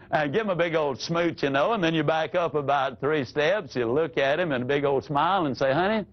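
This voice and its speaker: A man giving a sales training seminar, lecturing with lively, acted-out inflections. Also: on the high side, lo-fi sound. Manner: lively, acts out quoted phrases with changing inflections.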